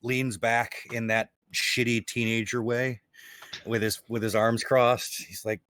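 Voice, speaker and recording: Give me a man narrating a tabletop game slowly, halting, with a dry sound. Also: mid-range voice, little pitch movement, a bit bright, clear, resonant tone, no room sound. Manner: halting, repeats words, lots of fillers. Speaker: game master.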